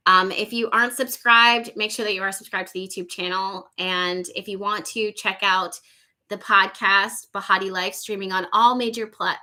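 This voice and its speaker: Female livestream host with a bright tone, effusive and chatty, repeats lines back to her viewers. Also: medium pitch, fairly even intonation, moderate pace. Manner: effusive, repeats phrases to savor them, laughs often. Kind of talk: casual live chat, reading viewer comments aloud.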